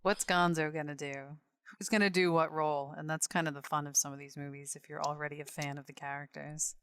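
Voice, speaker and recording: A woman's voice: deep voice, flat delivery, brisk, fairly bright tone, clear, resonant tone. A woman co-hosting a podcast in casual chat, thoughtful and lightly joking. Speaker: podcast co-host.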